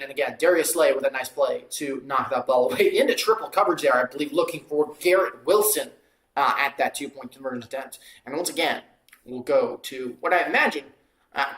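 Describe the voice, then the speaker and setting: A man hosts a live football watchalong, calling plays as an amateur and rambling casually between them with lots of fillers and self-deprecating asides. His mid-range voice is a bit bright and a little fast. The recording is low-quality and reverberant.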